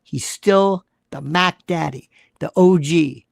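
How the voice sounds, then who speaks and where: A man's voice: on the high side, slow, creaky, no room sound, clean studio sound. A man hosting a live-stream talk show, delivering an emphatic monologue full of repeated rhetorical questions. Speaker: host.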